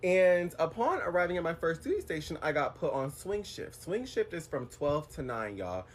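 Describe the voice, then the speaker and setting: A man telling a personal story to camera in a casual, profane, animated way, swinging his voice up high when quoting himself. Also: moderate pace.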